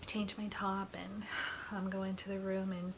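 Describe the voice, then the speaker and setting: A woman's voice: mid-range voice, flat delivery, normal speed, slight background noise, rough recording. A young woman telling a personal story in a chatty way, full of fillers and quoting others.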